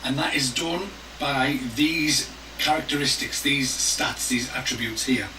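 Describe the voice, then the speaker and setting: A man calmly explaining a paper game's rules step by step and narrating its adventure text. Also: mid-range voice, unhurried, soft background music. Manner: calm, step by step. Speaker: game player explaining rules. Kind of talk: rules walkthrough and game narration. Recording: roomy distant mic, noisy.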